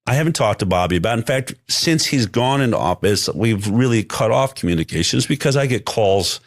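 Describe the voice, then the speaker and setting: A man's voice: medium pitch, expressive, a little fast, no echo, studio quality. A man speaking as an interview guest in casual conversation, emphatic and often restarting his sentences.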